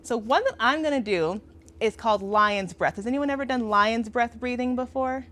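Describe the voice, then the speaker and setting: A woman's voice: fairly high pitch, moderate pace, a bit bright. Upbeat woman teaching outdoors. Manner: upbeat, playful, laughs often. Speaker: community educator leading a workshop. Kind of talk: friendly workshop instruction.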